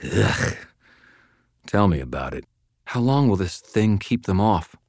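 A man's voice: lowish voice, sing-song, unhurried, a little mellow, no echo, clean studio sound, full character voice. A man voicing a tough, wary woman who speaks bluntly in a small toneless voice. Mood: questioning.

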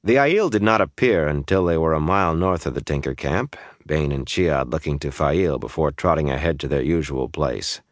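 A man reading a fantasy novel aloud as an audiobook narrator, in a measured, even way. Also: a bass voice, no echo, studio quality. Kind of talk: scripted narration.

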